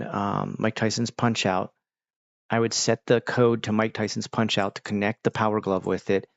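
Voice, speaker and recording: A man in his thirties chatting casually as a host, animated and profane, often breaking into exaggerated voices. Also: on the low side, vocal fry, no room sound. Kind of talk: casual rambling chat. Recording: dull lo-fi dry sound.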